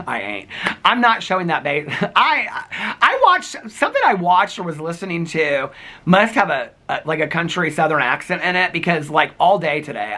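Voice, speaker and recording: A man's voice: on the high side, pushed and bright, breathy edge. A man in his fifties vlogging in a rambling, chatty way, telling stories with many fillers and laughs. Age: 50s. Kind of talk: casual chat to camera.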